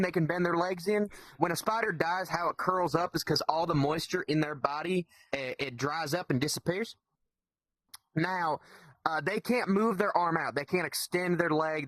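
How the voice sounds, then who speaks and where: A man co-hosts a casual podcast, his voice high for a man. He rambles and jokes, with plenty of fillers. The sound is dry and close. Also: normal speed, fairly bright tone, dry recording. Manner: rambling, jokey, uses many fillers. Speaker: podcast co-host. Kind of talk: casual chat.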